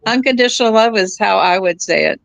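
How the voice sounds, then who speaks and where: This guest is a woman in her seventies with a creaky, medium-pitched voice, lively intonation, and a fairly quick pace. Chatting casually, she tells personal stories warmly, laughing easily and frequently starting phrases over, with no room sound.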